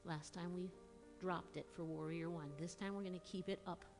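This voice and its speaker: Encouraging yoga teacher, woman, lower voice. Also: moderate pace, big-room sound, over music. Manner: calm, encouraging cues with light laughs. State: slightly out of breath. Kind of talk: guided yoga class instruction.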